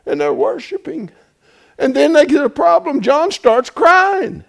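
A preacher with a gravelly, fairly high voice works through his sermon at an unhurried pace. He builds to loud, tearful peaks, then sinks back to a low, quiet delivery. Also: very animated. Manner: rising to shouted, tearful crescendos, then dropping low. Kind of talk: fiery sermon.

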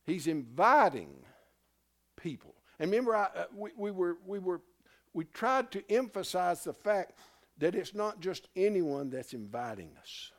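A man's voice: sits high, normal speed. A man teaching a Bible class in a loose, conversational way, often stopping to quiz his listeners and restarting his sentences. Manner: animated, self-interrupting, asks the class questions.

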